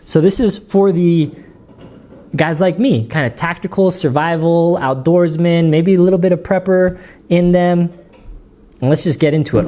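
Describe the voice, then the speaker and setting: Recording from his home dining room, this gear channel host has a slightly high voice with a darkish tone. He has a runny nose and keeps his vlog casual, chatty and rambling, giggling often.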